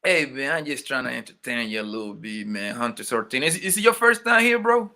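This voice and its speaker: Brisk and lively in his intonation, a man with a mid-range, pushed and bright voice hosts a casual livestream, reading viewer names aloud and teasing them in loose, slangy talk.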